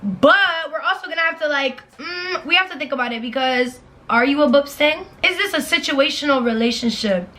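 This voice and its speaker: Young woman, high voice, crisp and bright, emphatic, blunt, repeats herself, casual advice vlog. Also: brisk. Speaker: advice vlogger.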